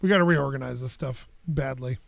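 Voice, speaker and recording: A man's voice: mid-range voice, brisk, vocal fry, a little hiss or hum. A man casually talking through a block-building game on stream, rambling to himself and his chat as he plays. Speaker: gaming streamer. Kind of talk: casual gameplay commentary.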